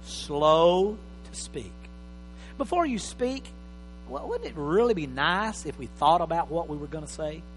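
A man preaching a sermon as pastor, emphatic, swinging from loud bursts to quiet asides. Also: high voice. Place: church hall. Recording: reverberant hall with faint mains hum.

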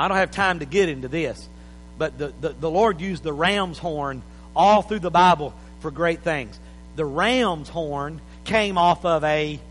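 A man preaching an impassioned sermon in a church, building to shouts. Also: high-pitched, long reverb tail, slight background noise, low-quality recording.

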